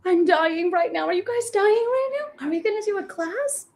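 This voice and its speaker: A woman's voice: extremely high pitch, lively intonation, normal speed, a little mellow. A woman teaching a live online class from her home kitchen, bubbly and gushing, laughing often. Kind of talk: live-streamed class, casual and chatty.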